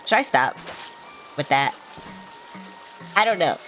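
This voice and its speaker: A woman's voice: low voice, expressive, takes it slowly, a bit bright. A young woman streaming a game, chatting casually, swearing and reacting dramatically as she rambles. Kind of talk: casual gaming livestream chat. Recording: music playing over the voice.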